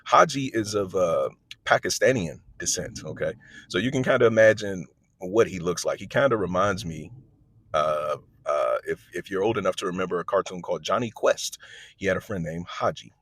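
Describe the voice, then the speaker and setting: Brief: male storyteller, husky tone, dry close sound, casual and chatty, keeps checking in with the listener. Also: deep voice, no echo. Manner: conversational, with frequent check-ins and restarts. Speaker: storyteller recounting a work incident.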